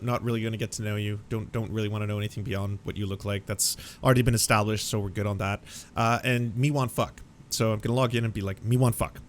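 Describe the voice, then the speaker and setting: A man co-hosting a comedy commentary show, rambling quickly and acting out crude mock dialogue. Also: lowish voice, a bit bright, a little hiss or hum. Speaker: co-host.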